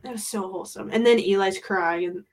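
A woman hosting a podcast in casual chat, excitable and quick to laugh. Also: medium pitch. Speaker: podcast host.

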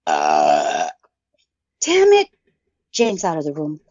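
A woman's voice: low voice, wildly swooping pitch, slow, long pauses, a little mellow, no echo. A woman co-hosting a podcast, swearing constantly and ranting in mock anger in casual chat. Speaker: podcast co-host. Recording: dull lo-fi sound.

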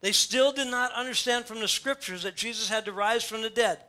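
Animated preacher with a bright voice. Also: male voice, sits high, brisk. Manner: animated storytelling, reading scripture aloud and explaining it. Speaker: pastor. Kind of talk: sermon. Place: church. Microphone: church sound system.

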